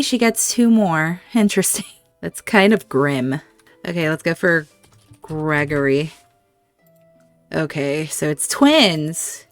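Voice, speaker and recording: A woman giving casual gameplay commentary, reacting emotionally and talking aloud to the characters on screen. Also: sits low. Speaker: gameplay video host.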